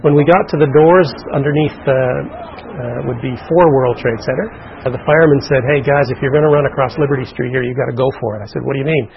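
Gravelly-voiced man telling his story. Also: medium pitch, fast talker, dull audio, a little hiss or hum. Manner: earnest storytelling, acts out quotes. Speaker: interviewee, survivor. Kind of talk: recounting a personal story.

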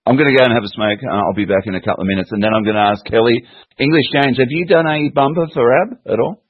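A man hosting an internet radio show, relaxed and rambling, restarting his sentences often, heard through a dry, dull lo-fi online line. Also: mid-range voice, quick pace, breathy edge, dry recording. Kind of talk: casual talk radio chat.

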